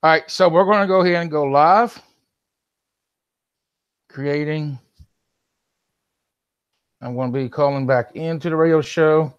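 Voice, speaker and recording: A man's voice: fairly high pitch, measured pace, long pauses, clean tone, muffled recording. A man hosting a live call-in stream, talking casually and addressing viewers and moderators directly.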